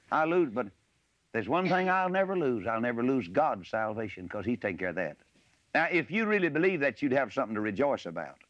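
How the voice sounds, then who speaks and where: A man preaching a sermon, slipping from homely asides into lifted, ringing scripture. His voice sits a little high and swings widely in pitch. The recording is dry and close, with a dull, lo-fi sound. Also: no room sound. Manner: folksy asides that swell into loud preaching on scripture.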